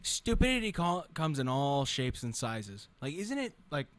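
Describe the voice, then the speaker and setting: A man's voice: medium pitch, sing-song, measured pace. A man co-hosting a casual podcast, argumentative and swearing often in loose slang. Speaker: podcast co-host. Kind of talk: casual chat.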